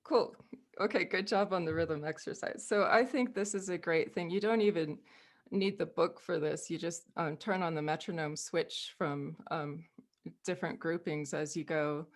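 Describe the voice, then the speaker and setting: An American woman with a slightly low voice runs a music workshop over a video call. She is friendly and chuckles often between explanations. She counts rhythm syllables aloud to demonstrate. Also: normal speed. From United States. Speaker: music teacher presenting a workshop. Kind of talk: online workshop teaching.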